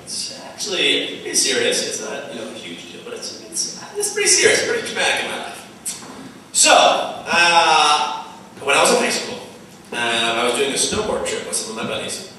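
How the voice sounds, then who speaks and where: Young man, youth retreat speaker, bright voice, casual storytelling, echoey hall recorded from afar. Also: fairly high pitch, normal speed, far from the mic, slight background noise. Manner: casual, animated storytelling with fillers. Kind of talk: storytelling talk to teens. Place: large hall.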